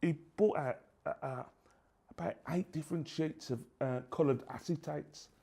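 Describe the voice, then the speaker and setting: A middle-aged man gives a personal testimony in an interview. His voice is gravelly and set a little high for a man. He tells the story haltingly but with life, playing out both sides of past exchanges. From England. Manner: halting, lively storytelling, acts out both sides of old conversations.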